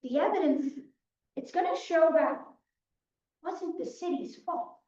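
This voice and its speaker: A young woman with a very high-pitched, slightly mellow voice speaks slowly while giving a dramatic opening statement as a mock-trial defense attorney. She tells the story through punchy short sentences, and the audio sounds dull and echoey, picked up from far away in a hall.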